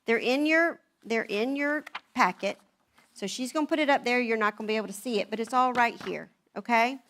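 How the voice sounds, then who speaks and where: Grandmother telling lively family stories. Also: a little high, brisk. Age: older. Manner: animated, acts out family dialogue in changing voices. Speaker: speaker at a moms' event. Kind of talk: talk to an audience, storytelling.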